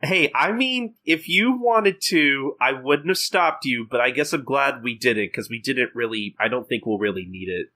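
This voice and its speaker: Young male podcast guest, bright and forward tone, halting delivery full of restarts. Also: medium pitch, animated. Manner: hesitant, repeats words and restarts often. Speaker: podcast guest, fan translator. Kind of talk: casual podcast chat.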